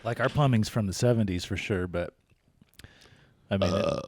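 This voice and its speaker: A man's voice: lowish voice, moderate pace, no echo. A man who is a podcast guest, drowsy and easygoing in casual banter.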